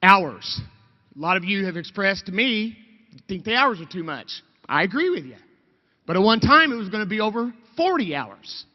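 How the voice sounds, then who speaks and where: A high-pitched man delivers a fervent, emotional rally speech, his voice carrying a long hall-like reverb. The sound is dull and lo-fi. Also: very animated, moderate pace. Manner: fervent, emotional, shouting over the crowd. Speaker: state representative. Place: outdoor rally, large reverberant space.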